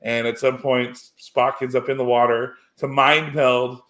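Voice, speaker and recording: A man's voice: mid-range voice, flat delivery, unhurried, a bit bright. A man in casual chat, retelling a film scene by scene with many fillers and restarts.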